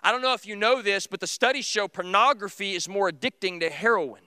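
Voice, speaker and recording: A man's voice: high-pitched, brisk, pushed and bright, clear, resonant tone, no echo. A middle-aged man preaching a sermon in an earnest, conversational, storytelling way. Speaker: teacher.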